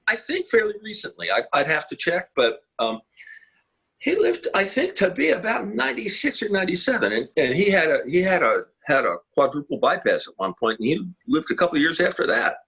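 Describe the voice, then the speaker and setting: A man's voice: high voice, very animated, a little fast, gravelly, bright, forceful tone, husky, poor audio. An older man, a guest musician, telling long rambling anecdotes in a casual interview. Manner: rambling, anecdotal, many restarts. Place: home, video call.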